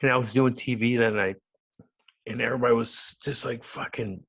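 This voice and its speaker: A man, a former hockey enforcer turned radio host, telling a loud, profane, animated story in an interview. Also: mid-range voice, brisk, vocal fry, slightly rough. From United States.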